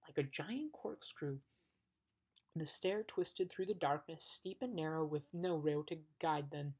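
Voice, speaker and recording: A woman's voice: sits low, a little slow, a little mellow, breathy edge, rough recording. A woman reading a storybook aloud as an audiobook, with occasional stumbles and restarts. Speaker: audiobook reader.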